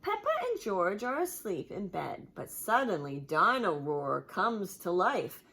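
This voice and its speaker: A woman reading a picture book aloud to young children, as a teacher would, with an expressive storytelling manner. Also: medium pitch, measured pace, background noise.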